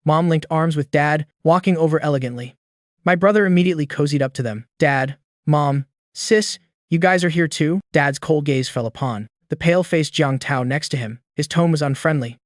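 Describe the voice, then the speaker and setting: A man reading a story aloud in an even, steady narration, with the dialogue read in the same voice. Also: a little high, normal speed, dry recording, studio quality.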